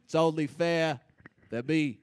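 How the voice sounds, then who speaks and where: A man's voice: fairly high pitch, measured pace, a little mellow, smooth, no echo, lightly acted. A man voicing a blustering con man with a put-on Australian accent, pushy and baiting others in an improvised comedy scene. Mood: swaggering. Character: blustering male con man calling himself Kangaroo Jack.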